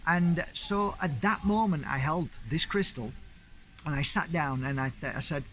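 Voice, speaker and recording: A man's voice: a little high, lively intonation, a little slow, fairly bright tone, a little hiss or hum, low-quality recording. A man hosting his own channel, telling a personal story in a chatty, rambling, enthusiastic way. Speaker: crystal channel host. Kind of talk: casual storytelling to camera.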